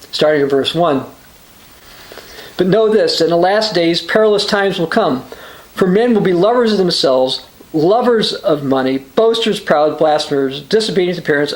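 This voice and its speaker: High-voiced man preaching a sermonette, echoey. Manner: reads quotations aloud with frequent uh and restarts. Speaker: preacher hosting a religious news channel. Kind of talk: short sermon reading news and scripture.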